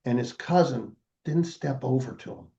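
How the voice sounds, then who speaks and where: Gravelly-voiced older man telling a story. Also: mid-range voice, moderate pace, dull audio. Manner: animated storyteller acting out voices. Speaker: podcast guest, chiropractor. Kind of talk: storytelling in a casual interview.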